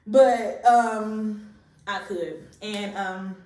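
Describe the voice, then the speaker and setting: A woman's voice: medium pitch, steady tone, extremely slow, darkish tone. A young woman, a little short of breath, chatting casually and rambling with lots of fillers in a pregnancy vlog. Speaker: vlogger sharing a pregnancy update. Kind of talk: casual chat to camera. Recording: echoey room, distant mic.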